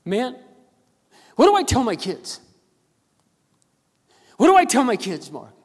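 A man's voice: very high-pitched, expressive, fast talker, pitched above the performer's own voice. A man voicing a grieving, anguished man of about thirty who cries out in a raised voice, heard in a large hall. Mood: pleading. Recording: long reverb of a large hall.

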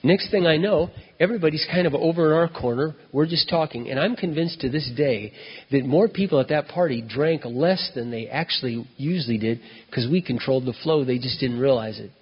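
A male preacher telling a story in a sermon, in an animated way. He acts out the dialogue, and his voice is husky. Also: on the high side, fairly quick, in a large hall, muffled recording.

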